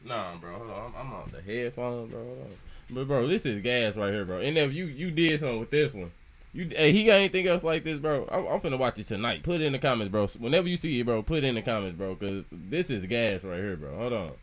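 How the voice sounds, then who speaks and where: A man hosting a reaction video, talking in a casual, excitable way full of slang and constant "bro". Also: mid-range voice, fast talker.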